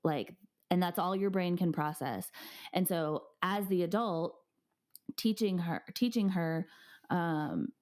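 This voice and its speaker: A woman's voice: fairly low pitch, takes it slowly. A young woman hosting a podcast, chatting casually and acting out quotes as she tells stories. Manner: animated storytelling, acting out quotes. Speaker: podcast host. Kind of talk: casual chat.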